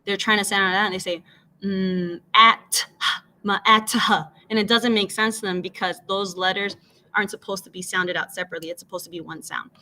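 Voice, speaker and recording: A woman teacher with a clear, bright, forward voice walks through letter sounds step by step. She is patient and slows down to act out each sound for her students, switching between English and Spanish as she explains. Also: mid-range voice, fairly even intonation. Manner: patient, explains slowly and models sounds aloud. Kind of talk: bilingual classroom phonics explanation.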